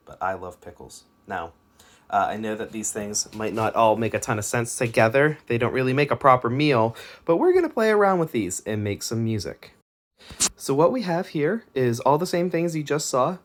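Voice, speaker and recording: A young man giving a home music lesson in his kitchen, explaining step by step and chanting words in rhythm. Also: medium pitch. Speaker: music teacher.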